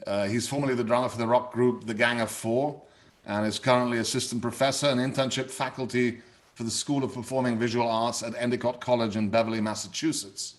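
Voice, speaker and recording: A man's voice: mid-range voice, fairly even intonation, a little fast. A man hosting a livestream reading, introducing the next guest with a few ums and uhs. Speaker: host. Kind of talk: introducing a reader.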